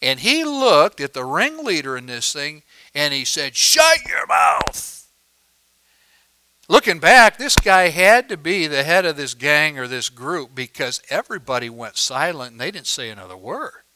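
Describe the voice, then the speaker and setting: A male pastor telling a story in a sermon, animated and acting out the voices of people he quotes, on a worn microphone in a church. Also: a little high, moderate pace, few pauses, a little hiss or hum, low-quality recording.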